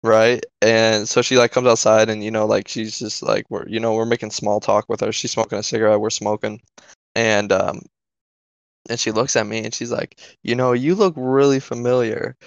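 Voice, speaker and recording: Brief: man co-hosting a podcast, rambling and profane, with a gravelly voice in a muffled lo-fi recording. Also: lowish voice, flat delivery, normal speed, no room sound. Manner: profane, filler-heavy, keeps asking "right?". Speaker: podcast co-host. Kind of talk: casual storytelling. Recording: dull lo-fi dry recording.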